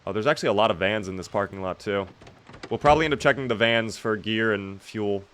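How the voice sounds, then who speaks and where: A man's voice: lowish voice, quick pace, fairly bright tone, slight background noise. A young man streaming a zombie survival game, chatting casually and reading out viewer questions to answer them. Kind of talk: casual gameplay commentary reading chat.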